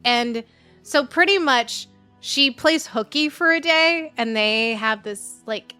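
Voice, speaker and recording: Bright, upbeat woman chatting about movies. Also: on the high side. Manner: enthusiastic, acts out movie scenes with quoted voices. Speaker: podcast co-host. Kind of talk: casual chat.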